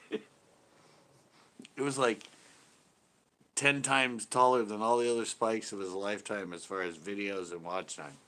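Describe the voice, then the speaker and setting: A man's voice: fairly low pitch, steady tone, a little slow, long pauses, pushed and bright. A man co-hosting a live stream, rambling and laughing through casual jokey chat.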